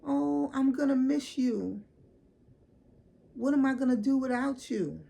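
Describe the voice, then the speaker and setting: Brief: a woman mimicking a phony girlfriend, squeaky-high and overdone, gravelly edge underneath. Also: a little slow, warm tone, heavily acted. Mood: mock sorrow. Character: fake-caring woman friend, shallow and dramatic.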